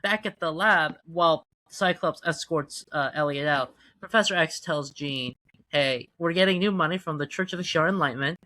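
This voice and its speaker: A podcast co-host chatting casually about comics with quick, joking asides. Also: mid-range voice, sharp tone. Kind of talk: casual comic book chat.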